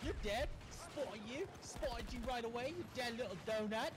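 A man's voice: very high-pitched, normal speed. A man playing a shooter game with his wife, furiously trash-talking and cursing at his opponents. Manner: furious, profane taunting. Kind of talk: angry trash talk during gameplay. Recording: loud game noise behind.

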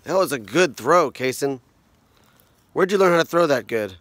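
A man's voice: fairly high pitch, lively intonation, moderate pace, fairly bright tone. A father patiently coaching and encouraging his young child in a casual home video, recorded outdoors in a yard.

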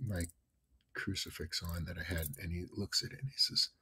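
A man in his fifties from New York, a podcast guest telling animated stories and often adding "right?" and "you know". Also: deep voice, moderate pace, breathy edge. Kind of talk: casual storytelling interview.

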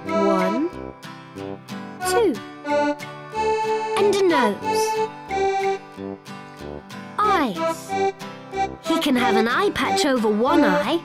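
Friendly cartoon monster, acted, high bouncy voice, very slow, loud accordion music behind. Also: very animated, exaggerated voice. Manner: cheerful, slow step-by-step drawing instructions. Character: friendly young drawing monster. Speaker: drawing guide. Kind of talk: children's cartoon voice acting.

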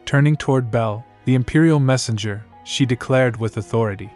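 Man narrating a story recap, measured. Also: mid-range voice, a little mellow. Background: faint music.

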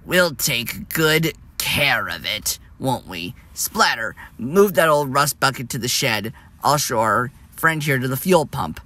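Oily mocking diesel engine, bossy and smug, bright tone, as a man puts it on. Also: mid-range voice, lively intonation, takes it slowly, hardly any pauses, exaggerated voice.

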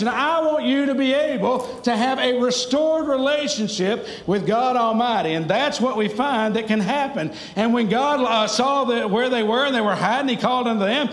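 A preacher with a notably high voice delivers an earnest, pleading sermon, easing into family stories with a wry humor. His words ring around a reverberant church sanctuary.

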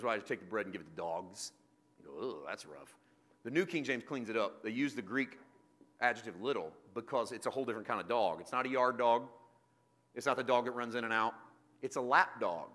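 A man preaching a sermon to a congregation, swinging from loud, emphatic points to quiet, joking asides. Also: medium pitch. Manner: jokey, self-deprecating with the congregation.

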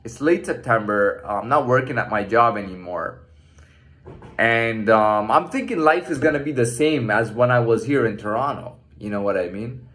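A man's voice: mid-range voice, moderate pace, fairly bright tone. A man in his thirties casually telling a story from his own life, loose and profane, with lots of "like" and "man" fillers. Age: 30s. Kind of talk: casual personal storytelling monologue.

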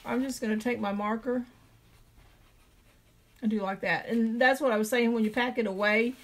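A woman's voice: on the high side, fairly even intonation, moderate pace. A middle-aged woman with a Southern drawl, chatting through a craft tutorial and thinking aloud as she draws. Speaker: craft video host.

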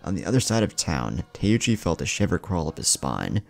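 A man narrating a fan fiction story in an expressive reading voice. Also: low-pitched, brisk, creaky. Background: background music.

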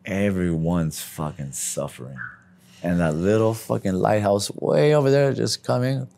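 Gravelly-voiced man telling street stories. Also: fairly low pitch, a little slow. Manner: profane, animated street slang. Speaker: interviewee. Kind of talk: casual storytelling.

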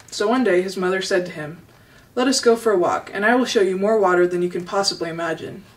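A woman reading a children's novel aloud in a steady, gentle way. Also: medium pitch, far from the mic, poor audio. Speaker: storybook reader.

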